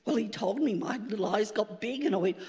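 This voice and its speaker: A woman, a pastor telling a lively personal story in a sermon, acting out the dialogue. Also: medium pitch, brisk, long reverb tail. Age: 60s.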